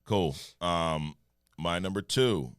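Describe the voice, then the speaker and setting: A man co-hosting a podcast in casual, animated chat, joking and mimicking voices. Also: low-pitched, takes it slowly, clean tone, dry recording, clean studio sound. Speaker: podcast co-host.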